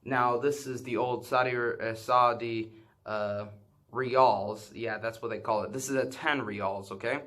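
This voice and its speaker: On a vlog, a man casually shows off his banknote collection in a show-and-tell style. His voice is medium-pitched, steady, fairly bright and a little slow, and he rambles hesitantly with many fillers, self-corrections and apologies for what he doesn't know.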